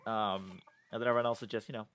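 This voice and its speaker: A man streaming a game live, excitable, swearing a lot and laughing often. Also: lowish voice, quick pace.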